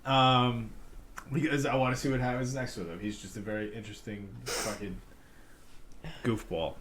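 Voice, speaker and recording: A man's voice: mid-range voice, fairly even intonation, normal speed, a bit bright. A man chats loosely about the episodes he just watched. He swears freely and laughs a lot. The room is echoey, with a faint hum of ambience behind him. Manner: profane, laughing, acts out characters' lines. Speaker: podcast co-host. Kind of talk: casual recap chat.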